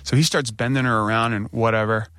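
A man's voice: medium pitch, fairly even intonation, quick pace, fairly bright tone, clean tone, no echo, clean studio sound. A man casually telling a story on a podcast, acting out his own anxious outbursts.

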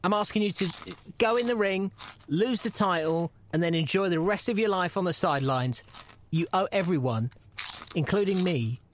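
A man's voice: high voice, moderate pace, a little hiss or hum, lightly acted. An actor playing an earnest, pushy male podcast interviewer who nags and pleads in a comedy audio drama. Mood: pleading. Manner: pleading and nagging, rising to frantic shouts. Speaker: podcast host character.

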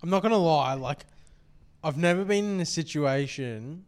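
A young man co-hosting a loose podcast chat. His voice sits a little high, and he talks in a relaxed way, dropping in dry jokes. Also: normal speed, clear, resonant tone. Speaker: podcast co-host. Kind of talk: casual chat.

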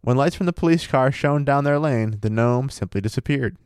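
A man's voice: mid-range voice, a little fast, darkish tone, clear, resonant tone, dry recording, clean studio sound. A man co-hosting a casual podcast, reading a paranormal story aloud and joking around with a loose, profane manner. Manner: laid-back, profane, laughs often. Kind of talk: casual chat with read-aloud passages.

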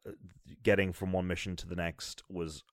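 A man's voice: sits low, level tone, moderate pace, dry recording, studio quality. A man talking casually about a video game, hesitant, with many fillers and restarts. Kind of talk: casual chat.

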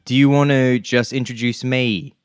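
A man's voice: mid-range voice, steady tone, normal speed, clean tone, no room sound. A man co-hosting a podcast in casual chat, laughing often and tripping over his words. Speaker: podcast co-host. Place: home room, remote call.

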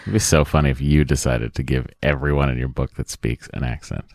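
A man's voice: a bass voice, fairly even intonation, a little fast, gravelly, a little mellow, dry recording, clean studio sound. A man co-hosting a podcast, chatting casually and joking, rambling with fillers. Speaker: podcast co-host. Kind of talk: casual chat.

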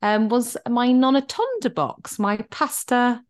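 This middle-aged woman co-hosts a podcast, her voice a little high and her pace measured. She chats casually and tells a story with animation, acting out the quotes.

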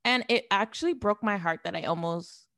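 A woman's voice: mid-range voice, moderate pace, creaky, a bit bright, no room sound, studio quality. A woman, co-hosting a podcast and talking candidly and from the heart. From Ontario, Canada. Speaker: podcast co-host. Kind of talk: casual chat.

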